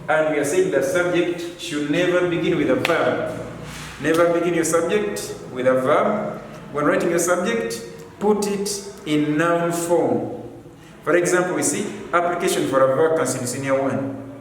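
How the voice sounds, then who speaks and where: A man's voice: on the high side, slight background noise. A man teaching a class, stressing and repeating key points, recorded from a distance. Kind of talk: classroom lesson. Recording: echoey room from far off.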